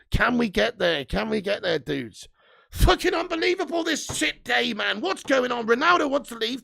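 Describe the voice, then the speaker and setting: A man hosts a live football fan stream in an indignant, profane rant. His voice sits very high for a man and grinds with strong vocal fry. He keeps swearing as he reacts to the news. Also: a bit bright. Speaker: fan channel host.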